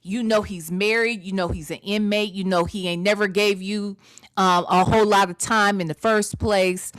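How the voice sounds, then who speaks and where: A woman's voice: mid-range voice, steady tone, moderate pace, a bit bright, clean tone. A woman hosts a casual commentary show in a blunt, sassy manner. She scolds freely and speaks straight to her viewers. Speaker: YouTube commentary host.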